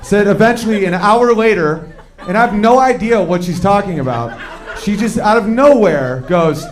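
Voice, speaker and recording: Animated male stand-up comic, high-pitched. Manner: animated storytelling, quick shifts into acted-out quotes of men and women. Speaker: stand-up comedian. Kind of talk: stand-up comedy routine. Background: audience laughter.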